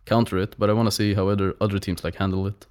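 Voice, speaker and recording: Playful gamer guy, slightly low voice, joking around. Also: flat delivery, racing, a little mellow. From Sweden. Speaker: guest, pro gamer. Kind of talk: casual interview chat.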